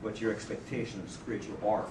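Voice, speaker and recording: A man giving a casual farewell speech at a work party, chatty and jokey, halting often with fillers, reading part of it from his notes. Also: on the low side, steady tone. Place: office party room. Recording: echoey room, distant mic, noisy.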